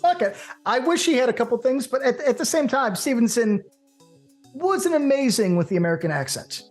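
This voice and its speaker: A man co-hosting a casual movie podcast, opinionated and animated, with profane banter. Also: very high voice, brisk, soft background music. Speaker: co-host.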